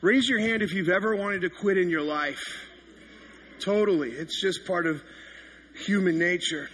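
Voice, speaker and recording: A man's voice: sits high, moderate pace, fairly bright tone, slight background noise. A man in his thirties, a pastor giving a sermon that opens with funny, self-mocking stories. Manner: self-deprecating storytelling with comic exaggeration.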